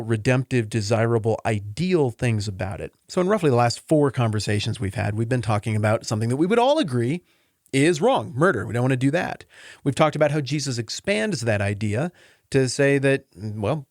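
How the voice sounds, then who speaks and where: A man's voice: no echo, clean studio sound. A man hosting a casual Bible teaching podcast, talking in an earnest, rambling and openly emotional way. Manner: conversational with lively pitch swings.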